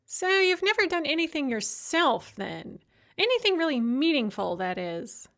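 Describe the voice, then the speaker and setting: A woman doing a shrill, supercilious young activist. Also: big pitch swings, moderate pace, fairly bright tone, exaggerated voice. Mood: complaining, superior. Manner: condescending, complaining.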